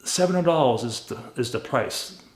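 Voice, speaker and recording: A man casually telling a story about buying a car, blunt and animated, acting out the back-and-forth of conversations. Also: medium pitch, normal speed. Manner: blunt, animated retelling with quoted dialogue. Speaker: car flipper vlogger. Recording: roomy echo.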